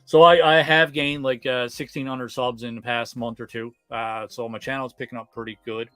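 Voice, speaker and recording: A man in his thirties with a Newfoundland accent, hosting a casual livestream chat, talking fast with lots of slang and laughing often. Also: mid-range voice, level tone, fairly bright tone, clean tone, no room sound, faint music behind. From Newfoundland, Canada. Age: 30s. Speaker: livestream host.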